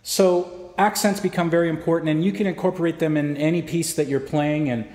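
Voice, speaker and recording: A man teaching fingerpicking technique in a guitar lesson, explaining step by step in a relaxed way with frequent fillers. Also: on the high side, brisk. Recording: roomy echo with guitar playing.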